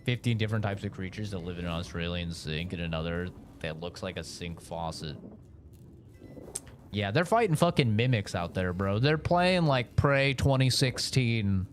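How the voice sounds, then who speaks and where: A man's voice: on the low side, expressive, moderate pace. A man, a streamer chatting casually with viewers, rambling and swearing freely, with faint background noise. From United States.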